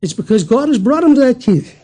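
A man's voice: extremely high pitch, big pitch swings, brisk, warm tone, breathy edge. A man preaching a sermon, emphatic and full of rhetorical questions to the congregation.

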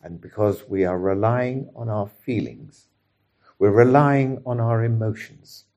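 Male preacher giving a sermon, slow and deliberate, warm mellow tone, earnest scripture reading. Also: fairly low pitch, muffled recording. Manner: measured, earnest delivery, reading scripture and leading prayer.

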